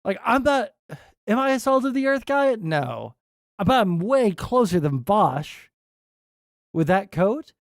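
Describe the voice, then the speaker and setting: A man's voice: sits high, sing-song, takes it slowly, vocal fry, dry recording, studio quality. A man streaming casual reaction commentary, rambling and swearing as he trails off mid-thought.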